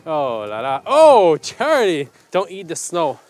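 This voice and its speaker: Man, playful teasing dad, casual vlog, outdoors in snow, handheld camera, bouncy pitch. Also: wildly swooping pitch, slow, a little mellow. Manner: playful and teasing, often laughing. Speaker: father filming a family vlog. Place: outdoors at a forest ice rink in snow.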